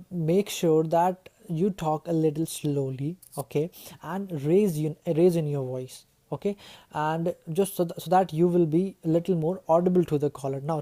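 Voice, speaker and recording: A woman's voice: sits low, mellow. A woman teaching a lesson to camera, chatty, ending her points with tag questions. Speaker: communication skills teacher.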